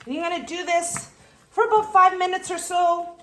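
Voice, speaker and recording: Over soft background music, a woman with a very high, fairly bright voice and fairly even intonation teaches home cooking at a moderate pace. She's chatty, talks viewers through each step, and is slightly breathless from kneading dough.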